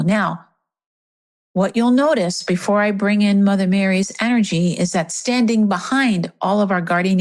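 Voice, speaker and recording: A middle-aged woman leading a guided meditation and prayer, speaking softly and reverently. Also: medium pitch. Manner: soft, reverent, emotional at times.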